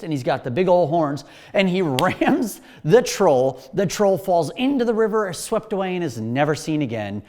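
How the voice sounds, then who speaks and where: Man, pastor, sermon, enthusiastic storyteller, lively pitch. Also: moderate pace, few pauses.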